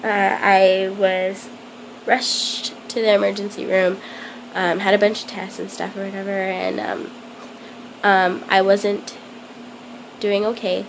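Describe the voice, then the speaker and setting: A young woman telling a personal story to camera in a hesitant, halting way, full of ums. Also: medium pitch, completely flat delivery, vocal fry, a little hiss or hum, poor audio. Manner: plain confessional telling. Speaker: vlogger.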